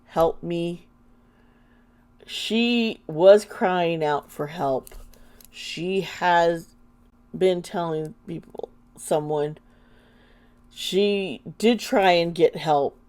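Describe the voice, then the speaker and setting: A woman's voice: lowish voice, slow pace, darkish tone. A woman doing an intuitive tarot reading for her vlog, earnest and emotional, often trailing off mid-sentence. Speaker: tarot reader.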